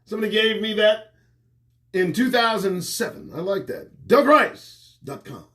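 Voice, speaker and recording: A man hosting his own livestream show, ranting to camera with lots of swearing, jumping between loud outbursts and muttered asides, recorded indoors on a small home set. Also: high-pitched, lively intonation, measured pace. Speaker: host. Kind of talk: profane political rant to camera. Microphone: phone or webcam livestream.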